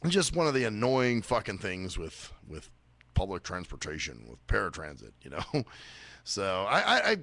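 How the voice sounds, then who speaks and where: A man's voice: big pitch swings, normal speed, fairly bright tone, dry recording. A man hosting a small radio show, rambling and swearing a lot in a casual monologue. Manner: rambling, swears a lot, mimics others in high voices.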